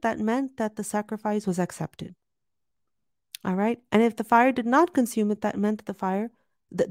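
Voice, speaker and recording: A woman gives a religious lesson, asking herself questions and answering them as she goes. She recites Arabic verses quickly, and her voice sits close and dry, with no room sound. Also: mid-range voice, darkish tone, no room sound. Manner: explains step by step, asks and answers own questions. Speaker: Islamic teacher.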